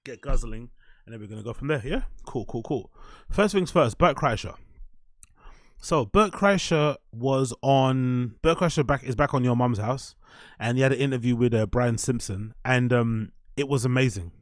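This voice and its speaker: A man's voice: medium pitch, moderate pace, no echo. Man, stream host, heavy swearing, ranting, dry sound. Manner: subdued and muttering after the rant. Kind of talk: live stream commentary.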